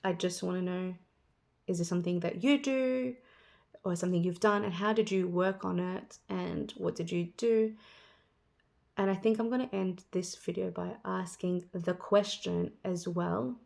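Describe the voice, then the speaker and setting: A woman's voice: on the low side, measured pace, creaky, darkish tone. A woman in her thirties talking casually to her viewers, rambling and chatty, acting out what other people say. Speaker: vlogger. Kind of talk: casual chat.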